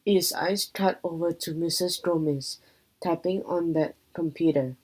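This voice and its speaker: A woman reading a children's chapter book aloud in a plain, unhurried storytelling manner. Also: on the low side, darkish tone, poor audio. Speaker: reader.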